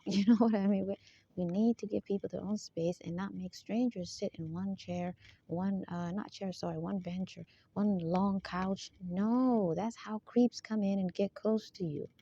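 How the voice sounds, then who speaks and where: A woman's voice: medium pitch, gravelly, mellow. A woman in a rambling monologue who keeps asking for agreement and laughs between her points. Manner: rambling, repeatedly seeks agreement. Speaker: spiritual vlogger. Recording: dull lo-fi dry sound.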